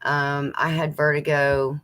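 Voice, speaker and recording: Low, bright-toned chatty woman host. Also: little pitch movement, takes it slowly, smooth. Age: 50s. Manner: chatty, reads viewers' comments aloud and answers them. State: coughing now and then. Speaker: livestream host reading chat comments. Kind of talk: casual chat.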